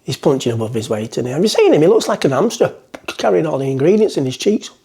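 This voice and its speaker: A man's voice: a little high, huge pitch swings, fast talker, gravelly, dark tone, husky. Rambling jokey man. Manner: rambling, jokey, talks to himself while cooking. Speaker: cooking vlogger. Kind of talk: casual cooking vlog chat. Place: home kitchen.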